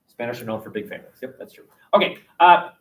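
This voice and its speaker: A man teaches a class with a lively, swooping voice, joking and quizzing his students. He is picked up from across a roomy, echoing classroom. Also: mid-range voice, fast talker. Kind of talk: classroom lecture. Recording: echoey classroom from far off.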